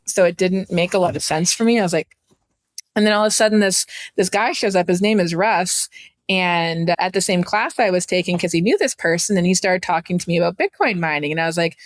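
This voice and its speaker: A woman in her thirties from Canada, telling her story in a chatty, animated way as a guest on an interview podcast. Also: lowish voice, fairly quick, dry recording. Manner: animated, chatty, acts out quoted voices. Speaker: guest entrepreneur.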